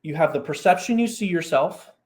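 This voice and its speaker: Aussie coach guy chatting on a podcast, bit higher voice, tells stories with lots of asides. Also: brisk. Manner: animated storyteller, explains with examples and asides. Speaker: performance coach guest. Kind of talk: casual podcast conversation.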